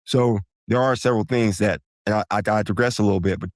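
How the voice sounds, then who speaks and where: A man's voice: on the low side, fast talker, dry recording, studio quality. A man hosting a podcast, explaining money matters in a casual, rambling way that wanders off and corrects itself. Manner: rambling, digressive, self-correcting. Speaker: podcast host. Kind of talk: casual solo finance explainer.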